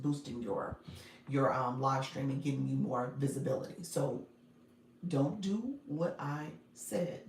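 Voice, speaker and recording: A woman's voice: rumbling low, roomy sound, recorded from a distance, slight background noise. A woman coaching viewers on a casual livestream. She is chatty, laughs often and speaks straight to her audience.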